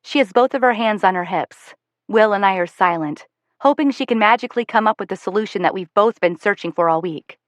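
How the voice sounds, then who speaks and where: A woman narrating a first-person audiobook in a steady, measured way. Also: medium pitch, no echo.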